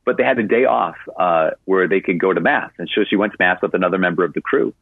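Man, priest, low husky voice, dry close sound, tinny radio line, chatty storytelling with fillers. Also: quick pace, no echo. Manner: conversational storytelling with frequent fillers. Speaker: Catholic priest. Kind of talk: answering a caller on a radio show. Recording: narrowband radio broadcast sound.

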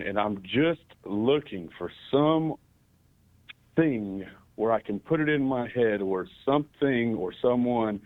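A man from Texas with a Texan accent, calling in to a radio show, earnest and rambling as he thinks aloud. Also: mid-range voice. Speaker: caller. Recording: tinny phone line.

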